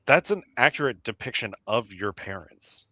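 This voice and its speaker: A man narrating as game master for a tabletop game, halting and filling pauses as he goes. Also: medium pitch, sing-song, pushed and bright, no echo. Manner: halting, full of fillers and restarts.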